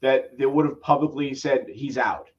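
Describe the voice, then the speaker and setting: A man's voice: medium pitch, normal speed, highs cut off. A man co-hosting a live review show in casual chat, rambling and restarting his sentences as he thinks aloud.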